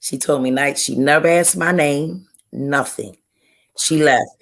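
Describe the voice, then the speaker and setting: A woman, a guest author, sharing an emotional personal testimony in an interview, telling it slowly and earnestly and often repeating her phrases. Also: sits low, creaky.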